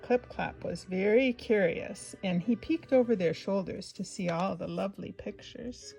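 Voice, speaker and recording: A woman reading a children's picture book aloud in a gentle, expressive way, pausing for asides to the young listener. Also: medium pitch, vocal fry, soft background music, poor audio. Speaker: storybook reader.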